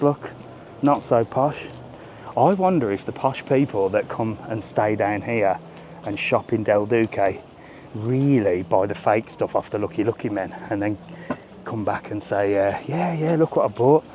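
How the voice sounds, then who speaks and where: A man live-streaming a walking tour, talking casually and joking, with the odd swear word. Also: mid-range voice. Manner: chatty, jokey, swears casually. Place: outdoors on a busy resort seafront. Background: faint street and traffic noise.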